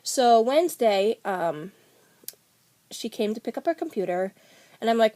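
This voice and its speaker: A middle-aged woman chatting to camera in a loose, rambling way, full of ums and restarts. Her pitch sits in the middle, and the sound is dry and close with no room echo. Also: expressive, a little slow, darkish tone. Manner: rambling, many fillers and restarts. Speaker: vlogger. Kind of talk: casual storytelling to camera.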